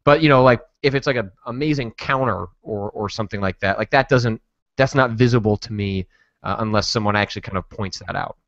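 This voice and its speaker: A podcast host rambles through his points in a casual chat, hesitating and restarting often. His voice is described as on the low side yet sitting in a middle range, a little fast, with dry, slightly muffled sound and no room echo.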